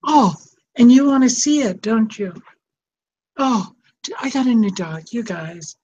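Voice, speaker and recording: A woman's voice: a little high, animated, a little slow, darkish tone, breathy edge. An older woman, a psychotherapist hosting a show, talking in an emotional, tender, rambling way. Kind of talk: casual heartfelt chat. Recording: dull lo-fi sound with faint noise.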